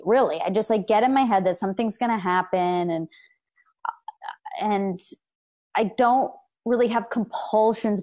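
A woman's voice: medium pitch, darkish tone. A young adult woman, a podcast guest, talking openly and reflectively with many fillers and restarts. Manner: open, self-reflective, frequent fillers and restarts. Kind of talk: candid conversational interview.

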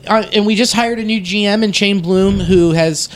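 Higher-voiced man, animated sports chat. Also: normal speed. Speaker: podcast co-host.

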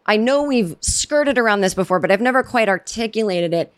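A woman's voice: mid-range voice, lively intonation, a little fast. A woman hosting her own comedy podcast, talking solo in a rambling, sarcastic way with many restarts and asides. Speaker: podcast host.

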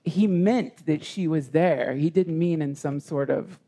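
A man telling a personal story in conversation, earnest and halting with many restarts. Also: a little high, warm tone. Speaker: guest.

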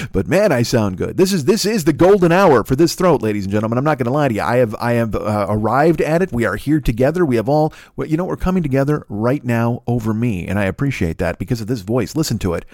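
A man hosts a comedy podcast in a boastful, crude, mock-seductive monologue. His voice sits at a middling pitch and is recorded close and dry, with no room sound around it. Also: darkish tone, dry recording. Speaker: podcast host.

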